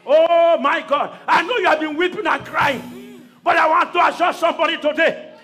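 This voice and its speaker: High, shouting male preacher. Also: normal speed. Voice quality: shouting, bursts into tongues. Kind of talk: shouted call-and-response sermon. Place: church service with congregation.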